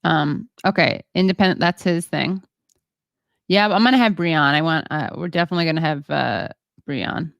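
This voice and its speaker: A woman hosting a livestream, reading viewer comments in a rambling, halting way with many fillers and self-deprecating asides. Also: sits low, creaky, no room sound, clean studio sound. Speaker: show host.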